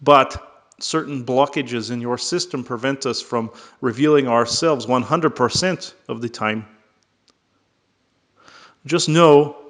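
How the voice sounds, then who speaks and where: A man voicing a tall male alien trader in a halting, formal way with a faintly Russian-like accent. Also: medium pitch, fairly bright tone, close to an everyday voice. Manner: slow, halting, formal phrasing.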